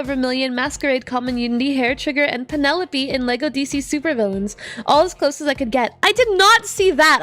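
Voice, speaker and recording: High-voiced bubbly woman streamer. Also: fairly bright tone. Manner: bubbly, chatty, reads chat aloud and laughs often. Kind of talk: casual live-stream chat while gaming.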